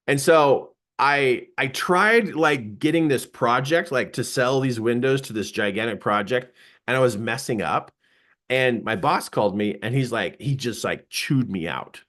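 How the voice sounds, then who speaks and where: A man giving a live seminar talk, telling a personal story in an animated way, laughing often and acting out quoted lines. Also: mid-range voice, measured pace.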